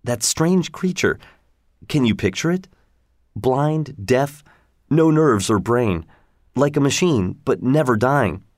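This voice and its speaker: A seasoned space explorer played by a man narrating talks the others through his discovery with patient earnestness. His mid-range voice stays steady and plain. The recording is dry and close. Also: medium pitch, slow, no echo. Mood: musing. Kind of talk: audiobook character voice.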